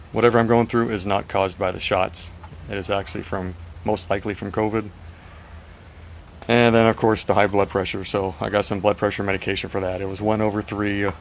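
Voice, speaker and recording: A man chatting in a rambling, frank video diary, slightly raspy and short of breath. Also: on the low side, slight background noise, poor audio. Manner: rambling, frank, swears at times. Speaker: vlogger.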